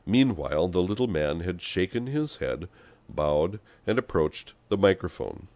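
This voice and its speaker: A man reading a story aloud as an audiobook narrator, expressive storytelling. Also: sits low, unhurried, no room sound. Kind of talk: scripted narration.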